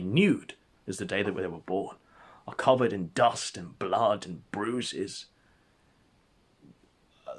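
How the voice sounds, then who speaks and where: A man narrating an absurd comic story in a deadpan, mock-epic way. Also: lowish voice. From England.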